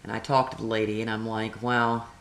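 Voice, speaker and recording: A woman vlogger telling a story casually, animated and exasperated as she acts out both sides of the conversations. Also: rumbling low, a little fast. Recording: roomy echo.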